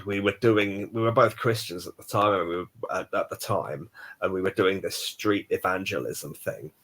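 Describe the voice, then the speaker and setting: A man's voice: on the low side, a bit bright. A man on a podcast telling a casual anecdote. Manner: anecdotal, puts on voices in stories. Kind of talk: casual storytelling.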